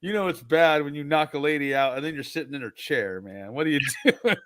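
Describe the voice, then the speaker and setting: A man's voice: a little high, fairly quick, a bit bright. A man co-hosting a podcast, reading a gamebook and trading laughing banter. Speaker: podcast co-host. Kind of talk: casual chat with story reading.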